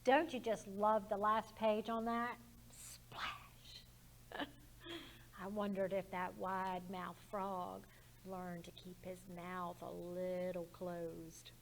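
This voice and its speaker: A woman's voice: medium pitch, little pitch movement, slow pace, creaky, slight background noise. A woman who works as a children's librarian, leading storytime and talking to small children in a sing-song, encouraging way.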